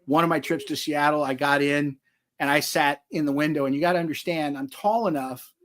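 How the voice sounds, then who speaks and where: Male author guest, folksy storyteller, rambling and self-mocking, slightly higher voice, video call audio. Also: brisk, fairly bright tone. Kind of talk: casual storytelling on a live chat.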